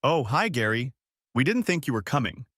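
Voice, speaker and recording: A man's voice: mid-range voice, big pitch swings, normal speed, a bit bright, no room sound, clean studio sound. A man voicing a haughty, dismissive estranged wife in an audiobook story.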